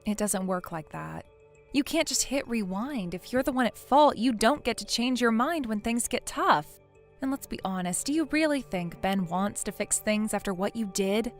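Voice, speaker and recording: A woman's voice: fairly high pitch, animated, moderate pace, faint music behind. Kara, a woman voicing a blunt, stern friend. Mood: scolding. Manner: firm, lecturing. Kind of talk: text-message story read aloud.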